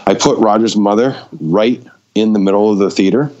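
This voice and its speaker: A documentary filmmaker guesting on a podcast tells a story casually and a little fast, his very low voice animated as he acts out the people he quotes. The relaxed, conversational delivery comes through dull, lo-fi audio with the top end rolled off.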